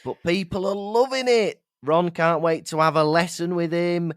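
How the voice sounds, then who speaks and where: A man's voice: a little high, normal speed, smooth, no echo, clean studio sound. A man co-hosting a podcast in casual, jokey chat, often slipping into character voices and laughing. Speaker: podcast co-host.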